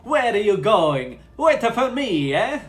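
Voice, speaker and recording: A man voicing an excitable male game villager in an exaggerated mock-Italian voice. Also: high voice, slow pace, faint music behind, pitched above the performer's own voice, exaggerated voice. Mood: eager.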